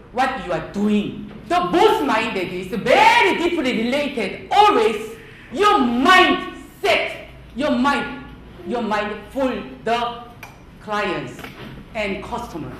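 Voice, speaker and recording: A woman's voice: on the high side, fairly bright tone. A middle-aged woman from Korea with a Korean accent, lecturing a class on work attitude in an emphatic, scolding way and quizzing her listeners. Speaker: workplace culture teacher. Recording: very echoey hall with faint noise.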